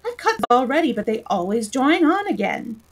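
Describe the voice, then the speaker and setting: Woman playing a curious little girl, polite and earnest, a bit higher voice. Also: very animated, a little fast, recorded from a distance, exaggerated voice, poor audio. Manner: earnest, puzzled.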